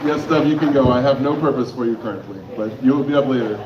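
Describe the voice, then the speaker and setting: A man's voice: medium pitch, fast, background noise. A man hosting a comedy show, teasing the crowd and bringing up the next comic. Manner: teasing, bantering with the room. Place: comedy club on stage. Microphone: handheld stage mic. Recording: echoey lo-fi club with crowd.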